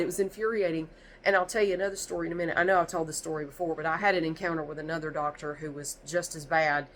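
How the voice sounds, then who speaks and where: On a low-quality recording with a little hiss or hum, a woman vlogger with a lowish voice rants through a storytime to camera. Stuffy-nosed from sneezing, she's exasperated and animated, rambling and restarting her sentences.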